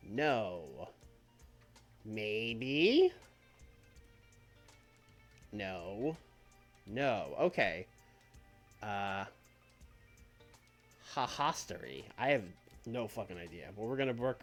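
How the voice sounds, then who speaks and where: A man live-streaming a wrestling booking game in casual chat, thinking out loud, swearing easily and trailing off mid-sentence. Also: lowish voice, very animated, extremely slow, long pauses. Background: faint background music.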